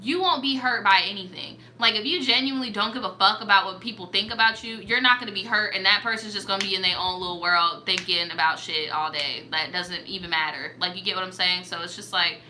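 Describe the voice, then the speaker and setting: Bright-voiced young woman giving blunt advice. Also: mid-range voice, fairly quick, hardly any pauses, a little hiss or hum. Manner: blunt, profane, animated reactions. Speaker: storytime advice host. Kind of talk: casual storytime chat.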